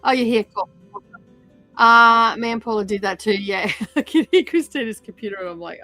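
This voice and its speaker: A woman's voice: on the high side, normal speed, sharp tone, soft background music, poor audio. A woman hosting a stitch-along livestream, chatting casually with many fillers and drifting from the mic while she sorts threads.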